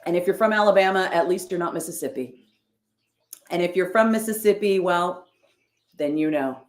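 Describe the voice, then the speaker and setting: A woman with a deep, low voice talks casually as she reads and answers her viewers' comments. She is wry and sarcastic. The sound is roomy and echoey. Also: moderate pace. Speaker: streamer reading chat. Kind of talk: casual chat. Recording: roomy echo.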